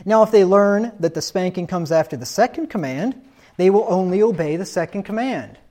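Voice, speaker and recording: A man's voice: high voice, expressive, fairly quick, mellow. A man preaching a sermon on child discipline, talking emphatically with frequent rhetorical questions and repeated points.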